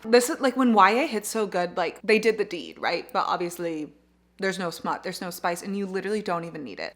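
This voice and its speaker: A woman's voice: mid-range voice, brisk, fairly bright tone. A young woman vlogging her reading, reacting emotionally and swearing freely. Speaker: book vlogger.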